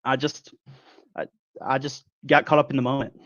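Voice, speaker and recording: A man's voice: medium pitch, level tone, normal speed, fairly bright tone, dry recording, dull audio. A man who is a guest wrestler giving an in-character interview, defensive, aggrieved and boastful.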